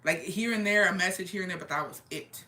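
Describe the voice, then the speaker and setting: A young woman casually and candidly retelling a family story, animated, with lots of "like" and quoted dialogue. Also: on the low side, fast. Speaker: storyteller on a chat show. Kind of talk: casual chat.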